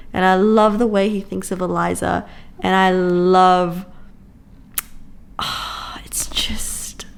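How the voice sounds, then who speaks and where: Woman with a creaky voice gushing about books. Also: mid-range voice. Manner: gushing, drawn-out emphasis with sighs. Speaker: book vlogger. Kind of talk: casual chat to camera. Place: at home. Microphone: camera-mounted mic.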